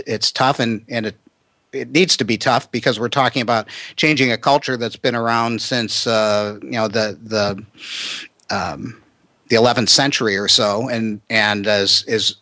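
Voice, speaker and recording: A man with a bright, forceful voice hosts the interview, thinking aloud and restarting his sentences often. His voice is close and dry, with no room sound. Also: medium pitch, no echo. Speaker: podcast host. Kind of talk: conversational interview.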